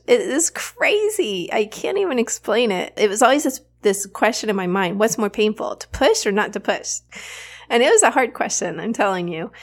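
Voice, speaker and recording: A woman in her thirties hosting a podcast, telling a personal story in a candid, animated way with frequent fillers. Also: mid-range voice. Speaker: podcast host.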